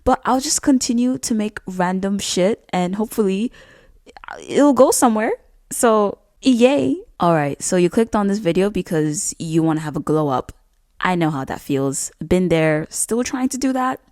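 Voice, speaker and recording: A young woman vlogger with a low, deep-set, darkish voice hands out casual advice. She's blunt and profane, joking as she goes, and the recording is dry and close with no room sound.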